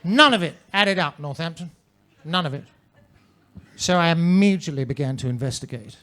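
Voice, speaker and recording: A male stand-up comedian with a high, bright voice, performing on a comedy club stage. His delivery is mannered and theatrical with a droll edge, and it is spoken into a handheld stage mic. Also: animated, normal speed.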